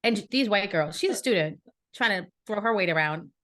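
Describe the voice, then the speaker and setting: A woman's voice: mid-range voice, expressive, normal speed, a bit bright. A woman podcast co-host, from Brooklyn, telling a story in casual chat and acting out the dialogue with indignant energy.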